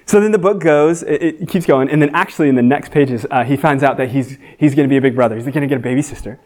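A man giving a sermon as guest teacher, earnest, rising high and loud for emphasis and dropping soft when reflective. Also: brisk. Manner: frequent fillers and restarts.

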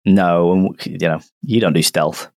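A man's voice: sits low, measured pace, no echo, studio quality. A man with a Northern English accent hosting a gaming podcast, bantering and joking at his own expense. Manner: joking, self-mocking banter. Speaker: podcast host. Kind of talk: casual chat.

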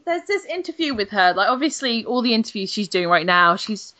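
A woman's voice: mid-range voice, sing-song, fairly quick, sharp tone, no room sound. A woman in her twenties, a games journalist chatting bluntly and animatedly on a podcast, swearing freely. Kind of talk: casual podcast chat.

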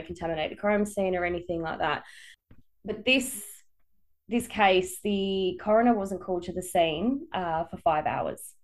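Hedging, low-voiced woman podcaster. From Perth, Australia. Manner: hedging storyteller, laughs easily. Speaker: podcast co-host presenting a case. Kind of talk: casual podcast chat.

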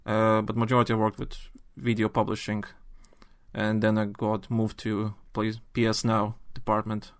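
A man chatting on a gaming podcast, recorded close and dry. He talks in animated bursts and rants, stumbling into restarts as he goes. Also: lowish voice, moderate pace, dry recording. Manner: animated, ranting, trails off into restarts. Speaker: podcast host. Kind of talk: casual chat.

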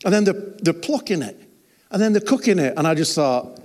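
A pastor with a high-pitched, mellow voice preaches fairly quickly with lively intonation. He tells humorous stories full of chatty asides and laughter, and the recording has long hall reverb.

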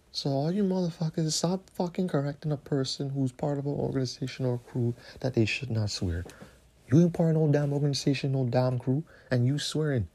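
A man's voice: medium pitch, warm tone. A man hosting a podcast, ranting alone with heavy profanity and slang. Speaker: podcast host. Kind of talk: solo podcast rant.

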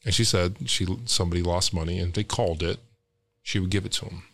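A man's voice: low voice, fairly even intonation, fast, gravelly, a bit bright, slight background noise. A man, a real estate entrepreneur, candidly telling a personal story as a podcast guest, emotional and casually swearing.

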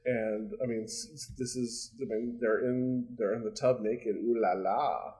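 On a rough recording, this podcast co-host recaps a sitcom in a mellow mid-range voice at normal speed, with little pitch movement. The chat is loose and rambling, full of fillers, casual profanity and lots of laughing.

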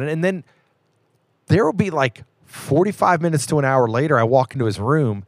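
A man's voice: on the high side, animated, brisk, no echo, studio quality. A man in his thirties co-hosting a podcast, telling earnest stories in casual chat. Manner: earnest, storytelling. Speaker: podcast co-host.

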